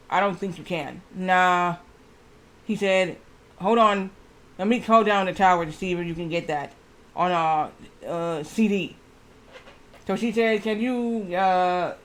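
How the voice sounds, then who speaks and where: High-voiced man rambling through a story. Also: a bit bright. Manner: rambling, repeats "I said" and "she said" constantly. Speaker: streamer. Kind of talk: casual storytelling on a live game stream.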